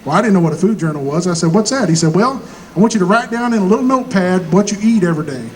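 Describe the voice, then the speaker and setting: A high-voiced man with a rural Southern American drawl spins folksy hillbilly yarns on stage, voicing each character himself and dropping punchlines deadpan. A faint hum of live-room ambience sits underneath him. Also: very fast, poor audio. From Missouri. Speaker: stand-up comedian. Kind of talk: stand-up comedy storytelling.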